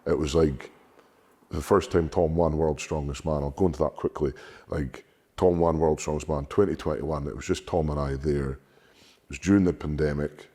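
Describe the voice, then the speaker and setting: A man, a strongman guest, telling stories candidly in an interview, sweary and animated, often repeating words. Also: extremely low pitch, moderate pace, slightly rough.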